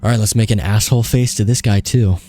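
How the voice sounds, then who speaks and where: A man's voice: lowish voice, quick pace. A young man casually commenting while playing a video game, swearing often and talking to the characters. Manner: profane, excitable, talks to the game. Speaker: gaming video host. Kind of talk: casual let's-play commentary.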